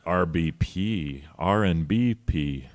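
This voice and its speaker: A man with a notably deep, low voice co-hosts a casual talk podcast. He jokes and chuckles through the banter, then reads sponsor copy in an easy, practiced way. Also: animated, slow. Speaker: podcast co-host.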